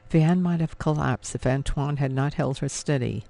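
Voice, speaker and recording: A man narrating an audiobook in a steady, expressive storytelling manner. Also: medium pitch, moderate pace, gravelly, few pauses. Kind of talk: scripted narration.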